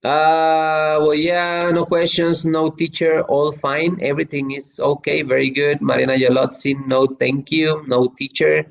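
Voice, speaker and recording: A man's voice: a little high, level tone, a little slow, vocal fry, hardly any pauses. Chatty male teacher with slightly dull audio. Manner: chatty, lots of fillers and restarts. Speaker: English teacher. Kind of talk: online class, reading student chat.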